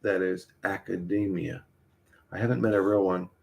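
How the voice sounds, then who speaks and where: A man's voice: low-pitched, fairly even intonation, moderate pace, creaky, a little mellow. A man hosting a casual livestream, rambling and swearing as he talks to his chat and to his dog. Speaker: livestream host.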